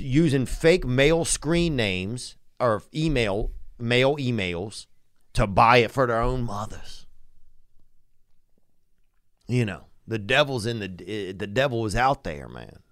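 A man hosting a podcast, talking loosely and warmly to a caller, rambling with laughing asides. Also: mid-range voice, animated, slow, no echo, clean studio sound. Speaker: podcast host. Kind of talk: casual podcast chat.

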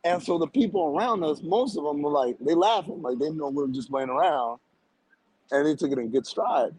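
A man on a podcast telling a story in a loud, animated way, laughing often and using lots of slang. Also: fairly high pitch, brisk, breathy edge, poor audio. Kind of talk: casual chat.

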